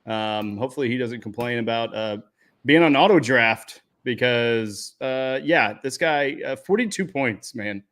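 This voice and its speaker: A man co-hosting a fantasy football podcast, laid-back and unhurried, with lots of filler words. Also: medium pitch, a bit bright. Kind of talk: casual sports chat.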